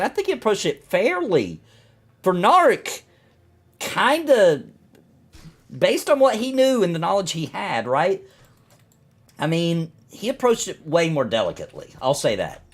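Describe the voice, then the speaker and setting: A man chatting casually on a live game stream, rambling and ranting as he reacts to his chat. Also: fairly high pitch.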